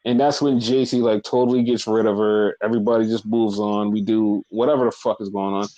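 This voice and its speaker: A man's voice: fairly low pitch, level tone, a little fast, mellow, muffled recording. A man hosting a podcast, recapping in a blunt, profane, rambling casual chat. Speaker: podcast host.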